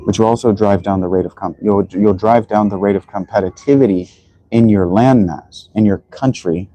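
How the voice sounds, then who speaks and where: Low, dark-voiced man lecturing on a livestream. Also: moderate pace, no echo, rough recording. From United States. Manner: rambling, lecturing, many restarts and fillers. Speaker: livestream host. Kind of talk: casual livestream monologue.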